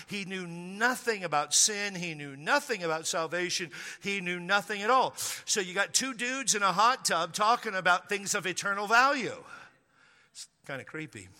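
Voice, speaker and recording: A man's voice: high voice, pushed and bright, in a large hall. A middle-aged male pastor preaching a sermon as a chatty story, with joking asides and frequent restarts.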